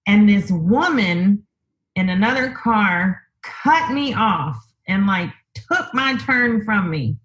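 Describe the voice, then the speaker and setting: A woman guest in a conversational interview, telling a personal story in an unhurried way, thinking aloud with lots of fillers. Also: mid-range voice, animated, fairly bright tone, low-quality recording.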